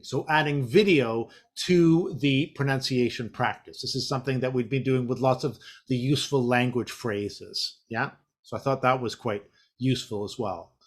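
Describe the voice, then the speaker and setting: A man giving a casual teacher-training talk, rambling with lots of fillers and restarts. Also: mid-range voice. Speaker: teacher trainer presenting a session.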